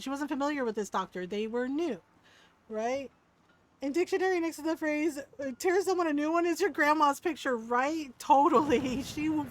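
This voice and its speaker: A woman streamer tells stories in a lively, chatty way. She laughs often and throws in "right?" again and again. Her voice sits a little on the high side. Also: a little hiss or hum, rough recording. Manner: animated, laughs often, keeps asking "right?". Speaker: game streamer. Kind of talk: casual storytelling chat.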